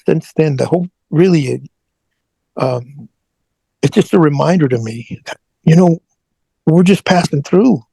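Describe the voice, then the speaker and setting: A middle-aged man, an interview guest, telling an emotional personal story in a halting way, often repeating words as he goes. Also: fairly high pitch, vocal fry, warm tone, husky, dry recording, poor audio. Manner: halting, repeats words, prays aloud in retelling.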